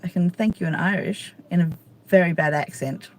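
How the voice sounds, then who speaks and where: A middle-aged woman with a lowish voice rambles cheerfully to her live-stream viewers. She speaks into a phone held out at arm's length on a city street, with faint street ambience behind her. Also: moderate pace, slight background noise. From Australia. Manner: rambling, chatty, playful with viewers. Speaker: stand-up comedian live streaming. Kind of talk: casual live chat.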